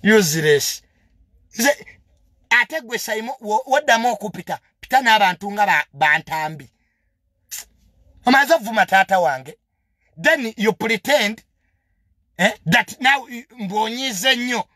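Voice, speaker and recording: A young man with a Ugandan accent speaks in a high, lively voice, a little slow and with frequent pauses, sounding pushed and bright. He delivers a heated, confrontational monologue mixing English and Luganda, full of emphatic repetitions. The recording is clean studio sound with no room echo.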